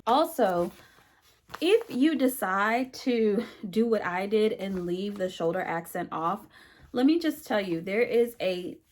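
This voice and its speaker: A woman's voice: medium pitch, a little mellow. A woman vlogger chatting casually to the camera about her sewing projects, with frequent fillers and a friendly, talkative manner. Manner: chatty, many fillers, says "y'all" and "you guys".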